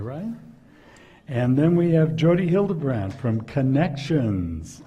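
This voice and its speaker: A man moderating a conference panel, upbeat and a little jokey. His voice is mellow and somewhat husky. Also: medium pitch, lively intonation, slow.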